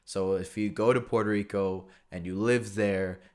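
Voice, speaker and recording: An American man with a somewhat low voice hosts his own podcast, speaking alone into the mic. He talks loosely and reflectively, circling back and restarting his sentences as he thinks aloud. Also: fairly even intonation, moderate pace, a little mellow. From USA. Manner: reflective, rambling with frequent restarts. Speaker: podcast host. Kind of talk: casual solo podcast talk.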